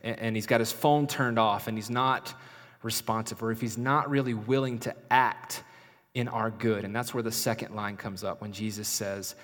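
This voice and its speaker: A male pastor preaching a sermon, swinging between loud urgent questions and soft, hushed phrases. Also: fairly low pitch, normal speed. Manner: dynamic preaching, rising loud then dropping to near whisper. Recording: long hall reverb.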